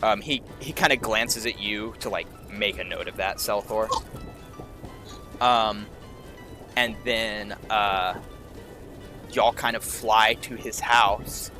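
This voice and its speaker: Hesitant game master, low voice, music under. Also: male voice, steady tone, slow pace, long pauses. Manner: loose, hesitant narration with many fillers, drifting into a hushed whisper. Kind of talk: narrating a tabletop game.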